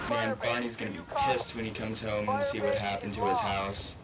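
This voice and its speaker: A young man doing a comic inner monologue over gameplay, excitable, swearing and panicky. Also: lowish voice, fairly quick, hardly any pauses, loud music behind the voice. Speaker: machinima narrator. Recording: distant voice under loud game noise.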